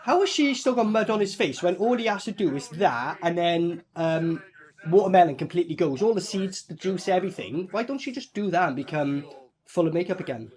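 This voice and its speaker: High-voiced man ranting casually. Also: fairly quick. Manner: profane, excitable, rambling with many fillers. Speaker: movie reviewer. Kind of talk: casual reaction commentary.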